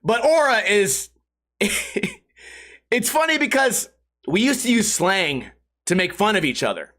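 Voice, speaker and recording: A man with a fairly high voice hosts his own podcast, telling a long story as a casual, comedic rant. He swears freely and does comic voices for the people he quotes, speaking slowly with big pitch swings in a pushed, bright tone.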